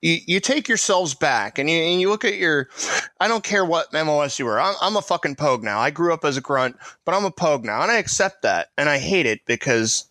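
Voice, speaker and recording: Male veteran co-host, thirties: salty, animated storyteller, a bit high-pitched, dry close-miked read. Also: fairly quick, no echo. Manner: profane, animated anecdotes with laughter. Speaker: podcast co-host, Marine veteran. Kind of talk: casual storytelling chat.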